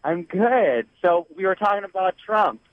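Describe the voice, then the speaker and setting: Man, radio caller, earnest, mid-pitched, dull muffled phone-in line. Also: expressive, measured pace, dry recording. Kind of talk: call-in talk radio.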